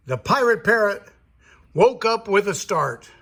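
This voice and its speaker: An older man reads a children's picture book aloud in a slow, playful way. His voice is high and bright. His pitch rises and falls with lively swings. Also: creaky. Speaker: storyteller grandfather.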